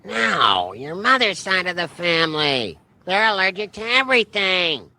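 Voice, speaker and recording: Shouty bragging cartoon dad, high pitched and super bright. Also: male voice, big pitch swings, a little slow, dry recording, full character voice. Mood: suspicious. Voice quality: shouting, boastful. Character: gruff blustering middle-aged cartoon dad. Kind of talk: cartoon dialogue clip.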